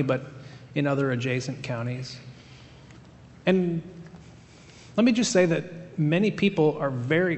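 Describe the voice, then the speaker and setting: A man's voice: fairly high pitch, a little mellow. A male pastor preaching a sermon in a conversational way, with fillers and restarts. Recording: long hall reverb.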